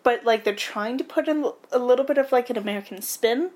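A woman's voice: fairly high pitch, brisk, a little mellow. A woman co-hosting a podcast, chiming in with wry comments and laughing easily. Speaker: podcast co-host. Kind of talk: casual movie discussion chat.

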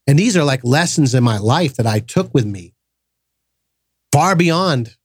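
A man's voice: mid-range voice, measured pace, slightly rough, no room sound, studio quality. A middle-aged man from Massachusetts telling personal stories in a casual podcast chat, acting out the voices of people he quotes. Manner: animated, acts out quoted voices. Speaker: podcast guest. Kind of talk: casual storytelling conversation.

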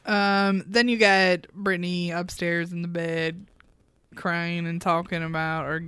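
A woman's voice: fairly low pitch, level tone, measured pace, a bit bright, smooth, no room sound. A woman co-hosting a podcast, recapping a reality show in casual chat, sardonic and chatty with frequent laughs and ums. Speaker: podcast co-host.

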